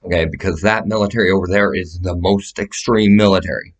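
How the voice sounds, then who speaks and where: A man's voice: low voice, fairly even intonation, brisk. A man talking straight to the camera in a rambling, profane monologue that wanders from topic to topic and swears freely. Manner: profane, meandering, gestures while describing sizes.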